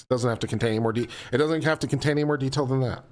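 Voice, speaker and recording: A man's voice: medium pitch, very fast, a little mellow. Exasperated man explaining legal rules. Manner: repetitive, explanatory, mildly exasperated. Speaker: legal commentary host; teacher explaining to viewers. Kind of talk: live-stream legal commentary.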